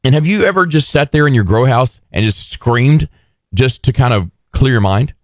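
A man's voice: mid-range voice, lively intonation, normal speed, no echo, studio quality. A man co-hosting a radio show, chatting casually and joking with a sarcastic edge. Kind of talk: casual on-air chat.

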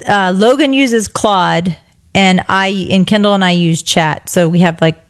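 A woman's voice: medium pitch, unhurried. Chatty woman radio co-host. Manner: chatty, explaining. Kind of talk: chatty studio banter. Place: radio studio.

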